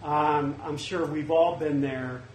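A man's voice: fairly high pitch, fairly even intonation, slow, a little hiss or hum. A man preaching an earnest, conversational sermon at a church service. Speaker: pastor. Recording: roomy, faint ambience.

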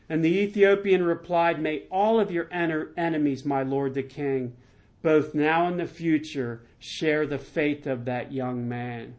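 Male pastor with a high voice, animated preaching with playful asides and repeated words. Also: a little slow. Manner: animated, breaks into acted-out asides; repeats words when searching for them. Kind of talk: sermon with scripture reading.

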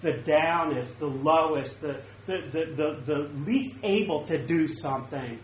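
A man's voice: a little high, a little slow, slight background noise. Man preaching a conversational sermon, roomy sound. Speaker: pastor. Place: church service. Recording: roomy, faint ambience.

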